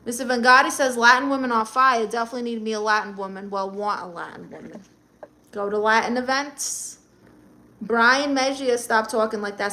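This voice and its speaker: A woman's voice: on the high side, steady tone, moderate pace, sharp tone. A middle-aged woman with a Brooklyn accent, hosting a live stream and reading chat comments aloud with blunt, sassy comebacks.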